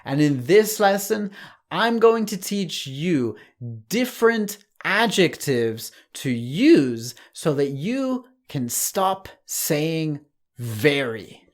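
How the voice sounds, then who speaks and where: A man teaching an English lesson online, saying example words slowly and clearly. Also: fairly high pitch, sing-song.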